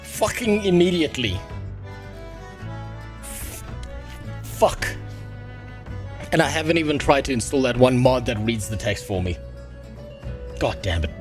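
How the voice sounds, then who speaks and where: A man's voice: mid-range voice, animated, unhurried, long pauses, soft background music. A man streaming a game, talking casually to himself and his chat, grumbling and swearing constantly. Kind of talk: casual gameplay commentary. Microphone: headset.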